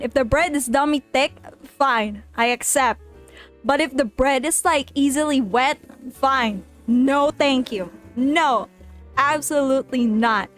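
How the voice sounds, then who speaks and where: A woman streaming a game and chatting casually with her viewers, animated and exclaiming, often in mock outrage. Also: high-pitched. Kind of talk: casual live-stream chat.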